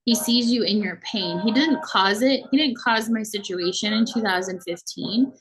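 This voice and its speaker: A woman's voice: mid-range voice, moderate pace, a little hiss or hum, low-quality recording. A woman in her thirties sharing a heartfelt personal faith testimony, earnest and emotional. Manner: earnest and emotional, with soft laughs. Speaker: faith vlogger.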